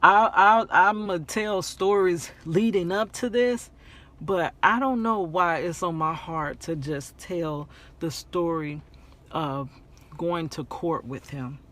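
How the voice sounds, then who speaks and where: Slow-talking woman telling a story. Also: fairly low pitch. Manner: animated, laughing often, repeating phrases for emphasis. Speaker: vlogger telling her story. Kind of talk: casual storytime.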